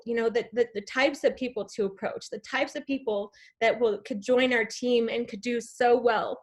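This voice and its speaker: A woman's voice: on the high side, steady tone, moderate pace, hardly any pauses. A woman in her thirties giving an enthusiastic, rambling motivational talk over a video call, full of fillers and restarts. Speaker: guest speaker.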